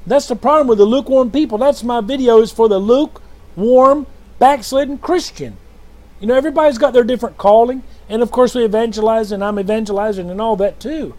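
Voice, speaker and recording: The man's voice is high with a darkish tone, and he talks fairly quickly. A self-styled prophet and preacher, he records alone at night, giving a dream testimony and sermon that's rambling, repetitive and fervent, with frequent mentions of "brothers and sisters."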